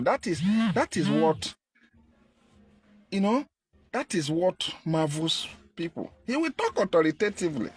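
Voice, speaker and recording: A man with a Nigerian Igbo accent delivering an impassioned political monologue, repeating his points and jumping in pitch for emphasis. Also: slightly rough. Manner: emphatic, repetitive, pitch leaps when stressing. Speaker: activist commentator.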